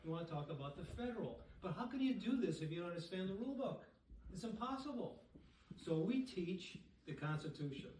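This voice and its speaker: A middle-aged or older man giving an animated talk at a society dinner, asking the audience questions. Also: high-pitched, fairly quick, a little hiss or hum. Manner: animated, asks the room questions. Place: banquet room with audience. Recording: echoey room, speaker far from mic.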